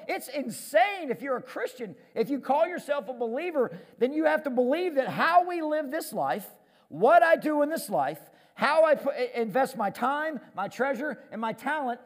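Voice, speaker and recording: A man preaching a sermon on stage as pastor, animated and self-deprecating, often repeating words as he gets going. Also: extremely high pitch, big-room sound. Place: church stage.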